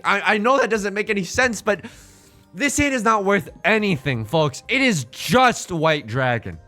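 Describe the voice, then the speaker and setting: A man commentating his own game with a joking, theatrical manner, flipping between mock despair and excitement. His bright, forward voice rises and falls widely. Soft music plays underneath. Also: a little high, a little slow. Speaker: let's play host.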